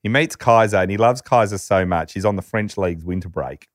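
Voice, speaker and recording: A man's voice: lowish voice, brisk, dry recording, studio quality. A man on a podcast telling a story in casual chat and quoting the people in it. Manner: lively storyteller, quotes characters. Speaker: podcast co-host.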